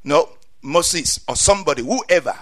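A man preaching a passionate sermon in a noticeably high voice. He says amen again and again and circles back over his own phrases. His delivery climbs toward loud, emphatic peaks. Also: lively intonation, moderate pace.

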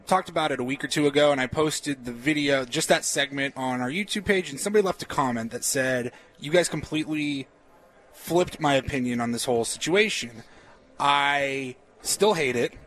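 A man co-hosting a sports talk show, chatting in a relaxed, conversational way. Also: medium pitch, normal speed.

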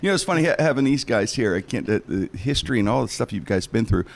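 A man hosting a podcast, asking loose, halting questions with fillers. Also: lowish voice, animated, gravelly, slight background noise. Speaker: podcast host. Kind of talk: casual interview chat.

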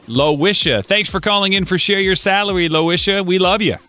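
A man hosting a morning radio show, joking and talking in quick, energetic patter. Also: high-pitched. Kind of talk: upbeat radio banter.

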